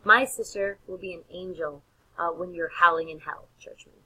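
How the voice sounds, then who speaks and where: A woman's voice: on the low side, normal speed, pushed and bright, breathy edge, full character voice, rough recording. A woman voicing a grieving, angry young man at a funeral, delivered as a lightly acted quote in her own voice.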